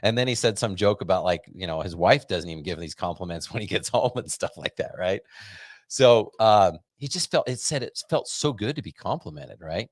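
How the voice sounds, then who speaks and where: A man's voice: low-pitched, lively intonation, a little fast, no room sound, clean studio sound. A middle-aged American man hosting a podcast, chatting casually and rambling upbeat with many fillers. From United States. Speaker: podcast host. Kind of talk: casual monologue to a live audience.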